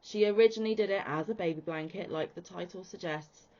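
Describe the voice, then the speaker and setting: A woman's voice: on the low side, quick pace, a little mellow, dull audio. A British woman hosting a crochet podcast, talking in a chatty, enthusiastic, rambling way. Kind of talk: casual chat.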